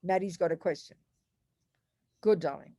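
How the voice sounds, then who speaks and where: A woman with an Australian accent, giving a Buddhist teaching in an animated, emphatic way with storytelling asides. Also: lowish voice, moderate pace, no room sound, studio quality.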